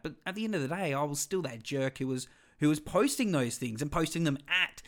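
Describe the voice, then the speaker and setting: A man's voice: on the high side, animated, brisk, fairly bright tone. An Australian man in his thirties hosting a solo podcast, talking in a rambling, self-deprecating way full of digressions. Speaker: podcast host.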